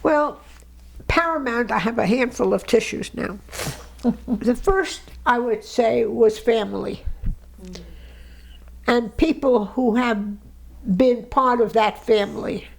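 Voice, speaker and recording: A woman's voice: on the high side, takes it slowly, gravelly, pauses often, rough recording. A woman in her nineties giving an oral history interview, emotional and tearful, reminiscing with restarts. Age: 90s. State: crying.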